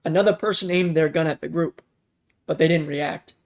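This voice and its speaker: Man reading a story, gravelly voice. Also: on the high side, moderate pace. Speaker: story reader. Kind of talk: reading a fan story aloud.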